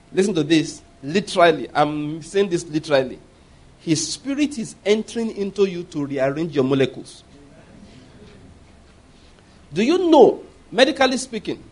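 A middle-aged man preaching a sermon, telling personal stories with animated quoted voices and laughing at his own tales. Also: on the high side, fairly quick. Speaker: pastor.

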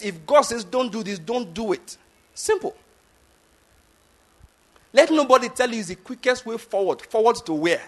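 Emphatic Nigerian preacher, high-pitched man. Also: a bit bright. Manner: emphatic, repeats points, asks the audience if they follow. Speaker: pastor. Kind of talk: sermon.

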